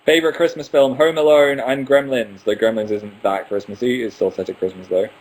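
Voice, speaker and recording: A man's voice: medium pitch, fairly even intonation, brisk, darkish tone, poor audio. A man in his twenties hosting a casual live stream, reading out viewer questions and answering them one by one with playful asides. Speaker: livestream host.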